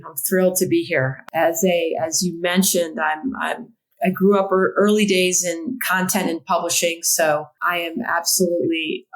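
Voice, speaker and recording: A woman in her forties with a fairly low voice talks as a marketing executive on a podcast. She sounds enthusiastic and warm toward her work, sometimes restarting a phrase before carrying on. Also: low-quality recording. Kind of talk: casual interview.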